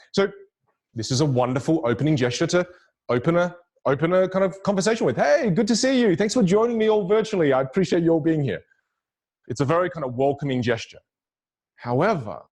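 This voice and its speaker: A man with a slightly raised pitch coaches public speaking for a virtual audience. He is animated and demonstrative, leaping up and down in pitch to make a point. He repeats key phrases for emphasis. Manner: lively, demonstrative, swings pitch widely for emphasis.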